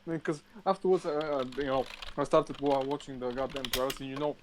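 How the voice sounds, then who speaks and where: A man co-hosting a casual podcast, telling an animated, swear-filled rant. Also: medium pitch, fairly quick, slight background noise. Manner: profane animated ranting storyteller. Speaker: podcast co-host.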